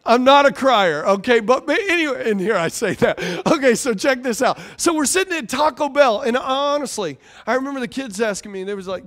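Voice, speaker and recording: A man pastor preaching a sermon in a conversational, animated way, often repeating his phrases. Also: extremely high pitch, brisk, hardly any pauses.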